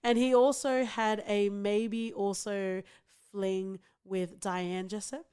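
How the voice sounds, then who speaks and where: A woman from outside the United States co-hosts a podcast, speaking in a mid-range voice with flat delivery, slowly, a little mellow and smooth. Her casual chat is full of fillers and small giggles.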